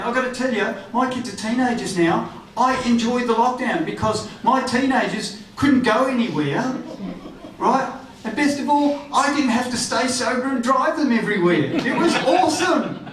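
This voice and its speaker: High-voiced comic in an echoey room. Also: male voice. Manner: chatty, teasing the crowd with quick asides. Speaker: stand-up comedian. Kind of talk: stand-up comedy set. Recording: echoey room, distant from the mic.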